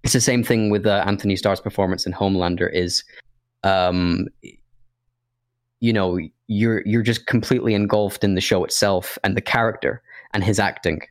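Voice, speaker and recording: A man's voice: on the low side, steady tone, normal speed, no echo, clean studio sound. A man co-hosting a podcast in casual chat, rambling and thinking aloud with many restarts and fillers. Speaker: podcast co-host.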